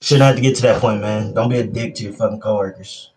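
A young man co-hosting a podcast, telling work stories in a casual, profane, animated way. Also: on the low side, fast. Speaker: podcast co-host. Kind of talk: casual chat.

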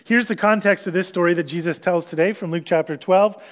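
A pastor with a notably high voice and fairly even intonation preaches a sermon, earnestly explaining scripture step by step with pauses and small restarts.

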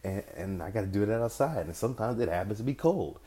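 Deep-voiced man rambling on a podcast. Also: animated, quick pace, dark tone, slightly rough. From California. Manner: loose, rambling, profane, slangy banter. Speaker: podcast host. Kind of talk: casual solo podcast monologue.

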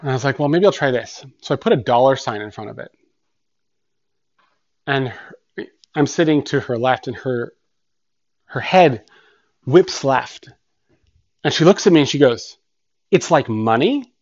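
A man's voice: mid-range voice, measured pace, long pauses. A man who works as a tutor and teacher, telling a personal story in an earnest, rambling way and often repeating and restarting phrases. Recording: dull, muffled lo-fi sound.

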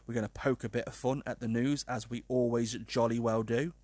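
Animated, sweary podcast host. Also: male voice, medium pitch, brisk, no room sound. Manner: animated, sweary, laughs at his own jokes. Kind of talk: casual podcast monologue.

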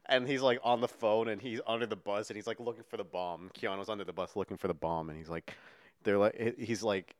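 A man's voice: on the low side, quick pace, no echo, studio quality. A young man co-hosting a podcast in casual chat, retelling scenes with lots of energy, casual swearing and frequent laughter. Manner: animated storyteller, swears casually, laughs often. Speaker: podcast co-host.

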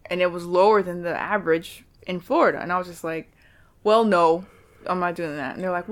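Chatty woman telling animated stories. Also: on the low side, a little fast. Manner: chatty, animated storytelling with quoted dialogue. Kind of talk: casual chat.

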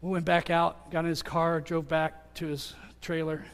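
A man preaching, telling an earnest personal testimony that swings between loud calls and hushed moments. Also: fairly high pitch, little pitch movement, normal speed, clear, resonant tone. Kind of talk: sermon testimony. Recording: long hall reverb.

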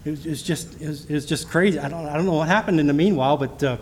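A middle-aged man preaching a church sermon with personal testimony. He speaks haltingly, restarting often, and reads scripture in King James wording. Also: on the high side, slight background noise. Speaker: lay preacher.

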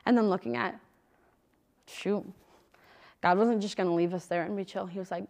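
A woman's voice: medium pitch, steady tone, moderate pace, long pauses, a little mellow, highs cut off. A young woman missionary giving a conversational, emphatic faith talk, speaking straight to a live group.

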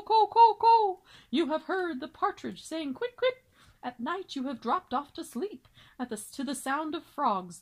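A woman's voice: on the high side, poor audio. A woman voicing a proud, long-winded father swan who lectures his young in grand storybook style. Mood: lecturing.

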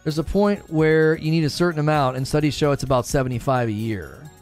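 A man's voice: brisk, faint music behind. A man delivering emphatic opinion commentary, repeating and restarting his points and getting more heated as he argues. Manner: grows more heated and rises in pitch as he argues.

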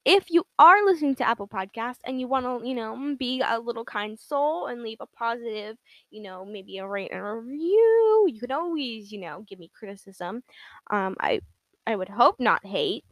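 A woman's voice: a little high, big pitch swings, moderate pace, no room sound. A young woman hosting her own podcast, talking casually in a rambling, giggly way full of "like" and "um.". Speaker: podcast host. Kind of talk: casual solo podcast monologue.

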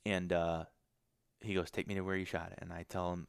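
A man's voice: sits low, steady tone, fast, gravelly, clean tone, no echo, studio quality. A man from Michigan, a podcast guest, telling a story in a casual, emotional way full of fillers.

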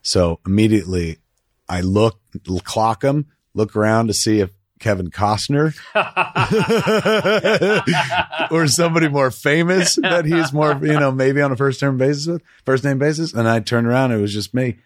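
A man hosting a casual chat, telling stories in an excitable way and swearing freely. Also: medium pitch, measured pace, no room sound, clean studio sound. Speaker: podcast host.

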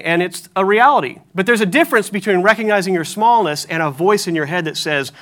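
High, bright-voiced male pastor preaching. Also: fast talker. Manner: animated storytelling with self-deprecating humor. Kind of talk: sermon.

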